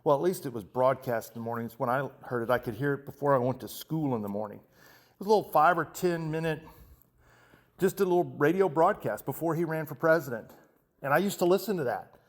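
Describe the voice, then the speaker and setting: A man's voice: on the high side, a little fast. A man in his fifties hosting a show, talking in an impassioned, emphatic monologue that often restarts its sentences. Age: 50s. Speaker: show host. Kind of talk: monologue commentary.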